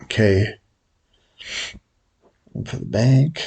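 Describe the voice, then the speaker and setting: A man hosting a gambling video, calling out his bets in a relaxed, muttered running commentary to viewers. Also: fairly low pitch, extremely slow, vocal fry, husky. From Vegas pro. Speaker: baccarat video host. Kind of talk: casual play-by-play of bets.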